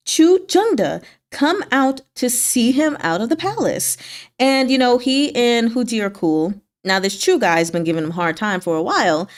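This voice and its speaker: A woman hosting a casual book chat, recapping chapters in a chatty, wry way, laughing often and acting out quick lines from the story. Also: medium pitch. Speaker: book discussion host.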